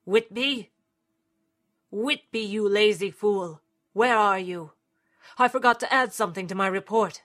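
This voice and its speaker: A woman's voice: medium pitch, unhurried, pauses often, a bit bright, lightly acted. A woman voicing a brusque, impatient male field agent who barks out calls. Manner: barking, scolding calls.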